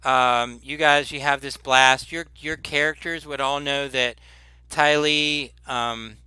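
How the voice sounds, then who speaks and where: A man's voice: medium pitch, fairly even intonation, takes it slowly, pushed and bright, smooth, dry recording. A man running a tabletop game as game master, laid-back and rambling with lots of fillers.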